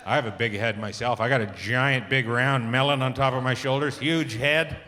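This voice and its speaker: A middle-aged man performing a stand-up comedy set on stage, telling animated stories and acting out the voices he quotes. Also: medium pitch, moderate pace. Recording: reverberant club with audience laughter.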